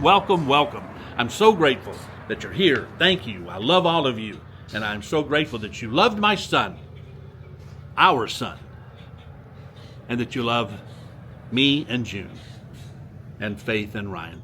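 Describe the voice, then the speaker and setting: Older man, casual vlogger, animated pitch, outdoor street. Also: slight background noise. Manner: warm, chatty, repeats greetings. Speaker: vlogger reading viewer comments. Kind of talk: casual walking vlog.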